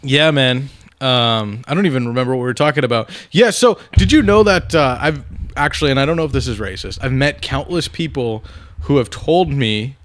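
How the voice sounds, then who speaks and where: A man's voice: medium pitch, a little fast, no room sound. A man co-hosting a podcast, chatting casually and hedging with lots of fillers. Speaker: podcast co-host. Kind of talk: casual chat.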